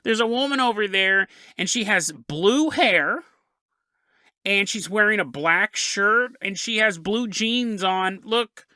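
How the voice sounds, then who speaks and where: A man puts on a little boy with a nasal, whiny voice, and he drags the words out slow and deadpan. It comes across bright and close, with a lively, bouncing pitch and no room sound. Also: no echo, exaggerated voice. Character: small boy, three, in a nasal Woody Allen impression.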